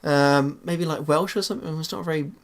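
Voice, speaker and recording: A man's voice: fairly high pitch, brisk. A young man giving casual, hesitant commentary on his football game, full of fillers and restarts. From England. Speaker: gaming YouTuber.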